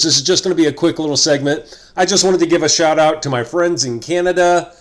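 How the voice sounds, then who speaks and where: A middle-aged man talks in a loose, rambling vlog monologue. His voice sits a bit high for a man, and he keeps drifting into jokey asides. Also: quick pace, few pauses. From United States. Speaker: host.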